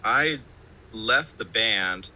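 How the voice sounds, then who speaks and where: A band musician, speaking as an interview guest from home, has a piercingly bright yet somewhat low voice with lively intonation, and he talks extremely slowly. He tells loose, rambling stories full of fillers, casual swearing and laughter. The streamed call is rough, with a faint hiss beneath it.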